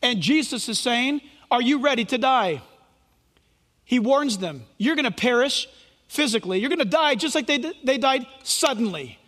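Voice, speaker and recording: A man's voice: very high voice, expressive, moderate pace, a bit bright. A male pastor preaching a sermon in an emphatic, preacherly way, acting out imagined voices. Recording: long hall reverb.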